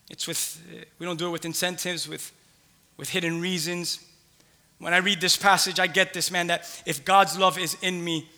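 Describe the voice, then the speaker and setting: High, bright-voiced male pastor preaching. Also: in a large hall. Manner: animated storytelling, builds to loud exclamations. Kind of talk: sermon with a personal story.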